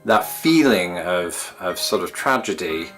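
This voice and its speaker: A man's voice: sits low, animated, unhurried, a bit bright, faint music behind. A man in his thirties with an English accent, reminiscing in a wry, chatty monologue to his channel's viewers. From England. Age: 30s. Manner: wry, self-deprecating, chatty. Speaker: YouTube host.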